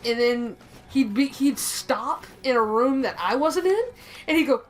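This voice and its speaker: A young woman co-hosting a gaming stream, telling rambling, animated stories with lots of laughter. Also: fairly high pitch, measured pace, low-quality recording. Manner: rambling, animated storyteller who laughs often. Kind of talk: casual chat over gameplay.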